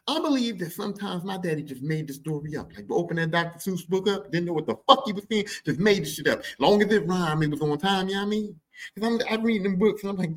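A man talks straight into his podcast mic, spinning a crude, funny tale about his family. His voice sits a bit high and sounds husky, and his pitch leaps around as he acts out the people in the story. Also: fast talker, rough recording. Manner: profane, animated, mimics voices mid-story. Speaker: podcast host. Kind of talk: casual storytelling monologue.

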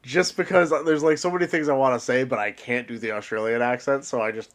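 A man's voice: medium pitch, fairly even intonation, fast talker, a little hiss or hum. Wry man in casual podcast chat. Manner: wry, joking asides. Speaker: podcast co-host.

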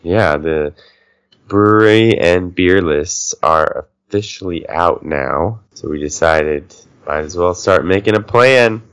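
A man's voice: low-pitched, slow, fairly bright tone, clean tone. A man co-hosting a podcast with a congested, nasal voice, joking and chuckling often. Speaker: podcast co-host. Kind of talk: casual chat.

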